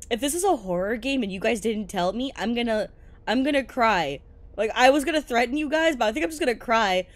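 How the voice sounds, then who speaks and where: A woman's voice: fairly high pitch, a little fast, no echo. A woman streaming a game live, chatting jokily and laughing often, easily spooked into yelps. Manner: excitable, jokey, laughs often. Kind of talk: live gameplay commentary.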